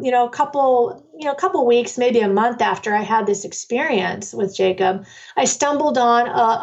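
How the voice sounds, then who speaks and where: Rambling woman on dull, distant audio. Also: on the high side. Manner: rambling, many fillers and restarts. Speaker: author and parenting workshop leader. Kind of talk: conversational storytelling interview.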